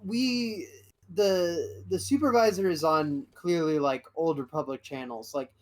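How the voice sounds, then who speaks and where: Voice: mid-range voice, measured pace. A podcast co-host rambling through a fan theory in casual chat, full of restarts. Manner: rambling, many restarts and fillers.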